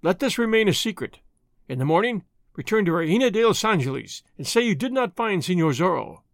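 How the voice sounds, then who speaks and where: A man voicing a bold masked highwayman who speaks in a lofty, commanding, scornful way in a storybook reading. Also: big pitch swings, brisk, no echo, clean studio sound.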